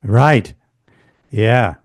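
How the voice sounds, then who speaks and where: A man's voice: lowish voice, extremely slow, no echo, clean studio sound. A male podcast host giving a guest short, encouraging reactions in a casual interview.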